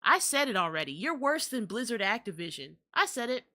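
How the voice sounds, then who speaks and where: A woman's voice: fairly high pitch, sing-song, fairly quick, bright, forceful tone. A young adult woman hosting a podcast, ranting in exasperated, profane commentary. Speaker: podcast host.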